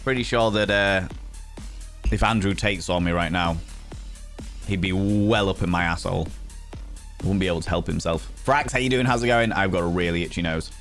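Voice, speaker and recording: A man's voice: sits low, moderate pace, long pauses, fairly bright tone, faint music behind. A man chatting casually on a live stream in a flamboyant, theatrical, camp manner, reading out and thanking his chat.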